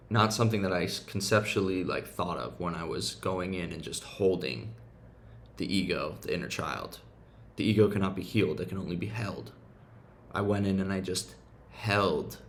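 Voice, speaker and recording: Male self-help host, gravelly and low, casual and emphatic rant with slang and swearing. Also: slight background noise.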